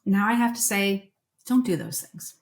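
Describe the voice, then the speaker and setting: A woman's voice: medium pitch, animated, normal speed. A middle-aged woman veterinarian, a guest on a podcast, telling candid stories and getting emotional as she talks. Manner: candid, emotional storyteller, voice dropping softly when moved. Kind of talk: conversational podcast interview.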